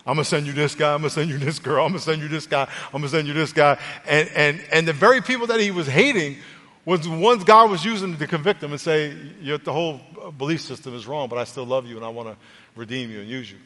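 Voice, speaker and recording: Brief man, pastor, earnest conversational preacher, slightly high pitch, church hall reverb with faint music. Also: fast, bright, forceful tone. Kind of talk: sermon and altar call. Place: church auditorium.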